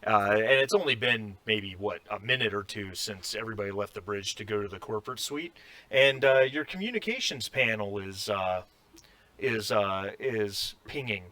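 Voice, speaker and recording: A man as game master of a tabletop role-playing game, talking in a halting way with many fillers. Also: lowish voice, pushed and bright, no room sound.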